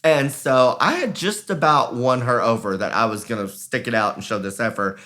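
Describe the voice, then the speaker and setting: Bright-voiced and animated, this storytelling podcast co-host speaks in a mid-range voice at a normal speed. He laughs mid-story and performs the voices of the characters he quotes.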